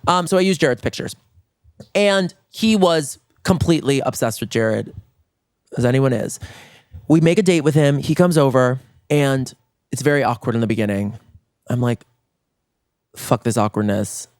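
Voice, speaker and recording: A man hosting a comedy podcast, telling a comic story in an animated way and rushing through lines. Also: no room sound, studio quality. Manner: animated, rushes through lines, jumps to high squeals for quoted reactions.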